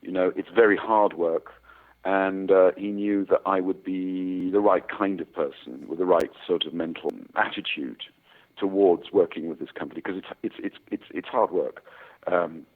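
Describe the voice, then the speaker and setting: A man's voice: sits low, fairly even intonation, normal speed. A man in his sixties, an actor talking about his work in a casual interview, rambling with many fillers and restarts. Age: 60s. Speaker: actor guest. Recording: tinny phone-like sound.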